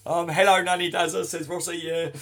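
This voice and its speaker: A chatty young man hosts a casual football live stream, reading out viewer comments and laughing along. His voice sits a touch high for a man. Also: little pitch movement, brisk, fairly bright tone.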